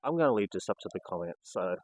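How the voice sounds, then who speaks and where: A man with an Australian accent telling an exasperated, animated story to his vlog audience. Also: fairly low pitch, fast, dry recording, poor audio. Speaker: vlogger.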